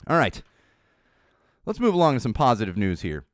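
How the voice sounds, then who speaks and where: A man's voice: mid-range voice, huge pitch swings, a little fast, dry recording, studio quality. A middle-aged man hosting a podcast, telling stories in a casual monologue that rambles through restarts and asides. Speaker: podcast host.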